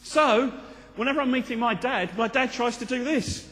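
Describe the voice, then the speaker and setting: A man in his fifties preaching a sermon as vicar, animated and joking at times, then earnest. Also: very high-pitched, moderate pace, in a large hall. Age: 50s. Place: church.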